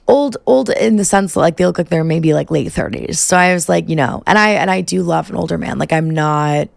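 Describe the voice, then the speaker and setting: Gravelly-voiced woman telling a wild story. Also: fairly low pitch, brisk, dry recording, studio quality. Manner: profane, valley-girl filler "like". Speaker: podcast host. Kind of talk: casual storytelling.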